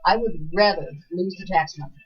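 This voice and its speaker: A woman's voice: lowish voice, a little fast, breathy edge. A woman co-hosting a local TV talk show, chatting in a rambling, talkative way and laughing often. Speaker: TV show co-host. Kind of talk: casual chat. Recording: dull lo-fi livestream audio.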